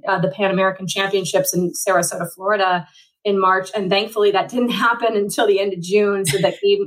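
A woman's voice: mid-range voice, fairly bright tone, low-quality recording. A woman in her forties, a para-athlete guest telling her story at length in an interview, with a rambling manner and lots of restarts. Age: 40s. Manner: rambling, frequent fillers and restarts. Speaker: Paralympic triathlete guest.

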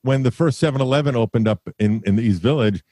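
A man's voice: mid-range voice, fast talker, mellow, no room sound. Laid-back man, podcast guest. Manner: laid-back, rambling with fillers. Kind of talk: casual chat, storytelling.

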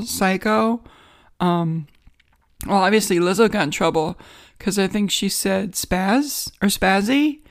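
A woman's voice: mid-range voice, dry recording, clean studio sound. A woman with a New York accent hosting a casual solo podcast from a home guest bedroom, sarcastic, rambling and self-mocking. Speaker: podcast host.

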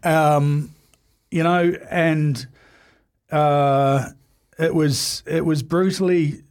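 Earnest, halting man, slightly high voice. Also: steady tone, darkish tone. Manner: earnest, halting, many fillers and restarts. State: emotional at times. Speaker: podcast guest. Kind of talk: candid conversation.

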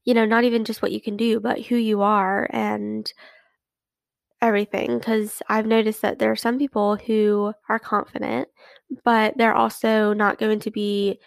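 A woman's voice: medium pitch, little pitch movement, normal speed, creaky, no room sound. A young woman hosting a casual solo podcast, chatty and rambling, full of fillers and restarts. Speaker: podcast host.

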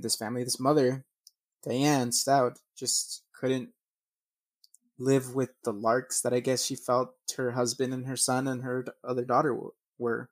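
Reading true crime news articles aloud, this medium-pitched man breaks off into blunt, sweary commentary. He frequently trips over names and starts again, and the recording has no echo.

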